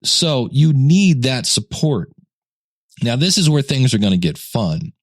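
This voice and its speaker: A man's voice: medium pitch, big pitch swings, unhurried, no room sound, clean studio sound. A middle-aged man hosting a podcast in casual talk, joking and acting out little scenes. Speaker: podcast host.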